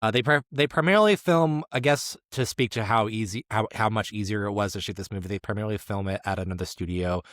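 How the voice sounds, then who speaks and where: Male podcast co-host, lowish voice, dry close sound, wry and self-mocking, trips over names. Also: fast, hardly any pauses, a bit bright, dry recording. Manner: joking, self-deprecating, stumbles over names. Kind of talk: casual chat.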